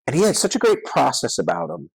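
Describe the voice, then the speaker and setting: A man's voice: mid-range voice, huge pitch swings, fast, gravelly, breathy edge, no echo. A middle-aged man, a guest on a podcast interview, telling rambling anecdotes full of filler words. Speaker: guest, actor and filmmaker.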